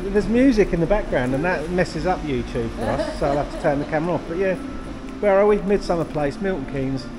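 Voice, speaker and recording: A man's voice: a little high, expressive, fairly quick, over music. A man hosting a casual vlog, chatty and grumbling, with frequent laughs. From England. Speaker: vlog host. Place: car and shopping centre. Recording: noisy car and street background.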